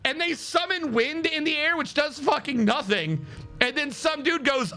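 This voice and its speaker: A man's voice: very high-pitched, big pitch swings, moderate pace, pushed and bright. A man streaming live, recapping in a sarcastic, profane, exasperated way. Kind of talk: casual livestream rant.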